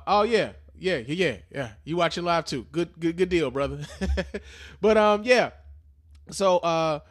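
Profane, animated young man hosting. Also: a little high. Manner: loose, profane, animated street slang. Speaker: podcast host. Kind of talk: casual live podcast talk.

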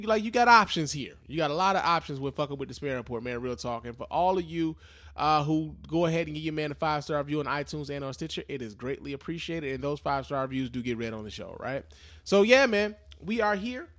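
A man's voice: medium pitch, fairly bright tone. A young man hosting a live podcast in loose, profane slang, talking casually and with a lot of energy. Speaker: podcast host.

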